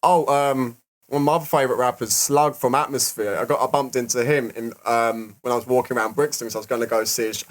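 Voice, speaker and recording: A young man in his twenties, a guest musician, chatting casually and telling rambling, animated stories. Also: medium pitch, fast talker. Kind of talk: casual chat.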